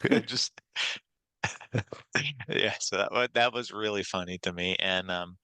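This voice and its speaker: A man's voice: fairly low pitch, slow pace, no echo, low-quality recording. A man co-hosting a movie podcast, retelling scenes in casual chat and laughing often. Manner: laughing, animated retelling with put-on quotes. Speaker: podcast co-host.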